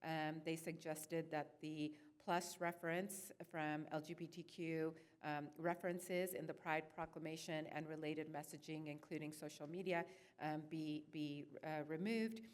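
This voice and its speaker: Woman clerk reading a council report, low steady voice, lots of ums and pauses. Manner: hesitant, many filler sounds. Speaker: city clerk. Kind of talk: presenting a staff report at a council meeting.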